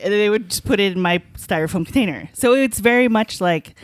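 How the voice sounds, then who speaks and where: A woman's voice: mid-range voice, expressive, a little fast, dry recording. A woman hosting a podcast in casual chat, who tells stories and acts out what people said. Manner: chatty, storytelling, acts out quotes. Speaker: podcast host.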